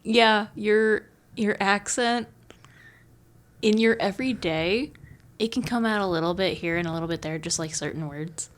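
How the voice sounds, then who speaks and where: A woman's voice: mid-range voice, normal speed. A woman co-hosting a podcast in casual chat, teasing and reassuring her friend. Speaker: podcast co-host.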